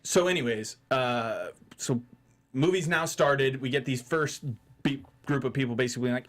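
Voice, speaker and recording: A man hosting a podcast in a studio, telling a story in casual chat and acting out the people he quotes in loud, raised voices. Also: mid-range voice, moderate pace. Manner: animated storyteller, acts out quotes loudly. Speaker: podcast host.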